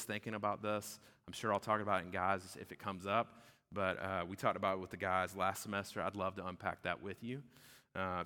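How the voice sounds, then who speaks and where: A man's voice: on the low side, fairly bright tone. A man preaching a sermon as a pastor in an emphatic, conversational way, in a church auditorium. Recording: long reverb of a large hall.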